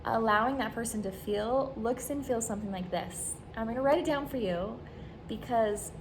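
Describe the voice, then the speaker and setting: A woman's voice: fairly high pitch, moderate pace. A woman hosting a podcast, talking earnestly and encouragingly as she gives advice to her listeners. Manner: warm, earnest and encouraging, acts out quoted remarks. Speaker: podcast host giving advice. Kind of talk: earnest advice talk to camera. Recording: audible steady background noise.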